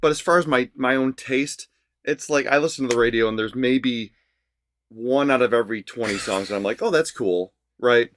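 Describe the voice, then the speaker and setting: A man's voice: mid-range voice, moderate pace, fairly bright tone, a little hiss or hum. A man, a songwriter co-hosting a podcast, chatting casually in a rambling, self-deprecating way with many restarts. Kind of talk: casual music reaction chat.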